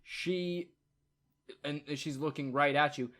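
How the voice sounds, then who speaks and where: A man narrating a tabletop game as game master, in a casual, halting way with many fillers. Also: medium pitch, a bit bright.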